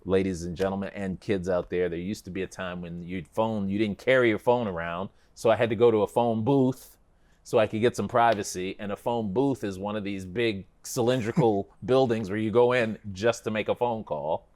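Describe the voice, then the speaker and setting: Middle-aged man telling a lively story. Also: on the low side, normal speed. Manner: animated storyteller, dramatizes his story. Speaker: guest. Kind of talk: conversational storytelling.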